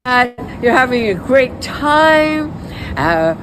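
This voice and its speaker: A woman who is a mayor makes a public announcement in a video clip. She speaks very slowly and haltingly, with many fillers. Outdoor traffic noise is clearly audible behind her. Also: high voice, big pitch swings.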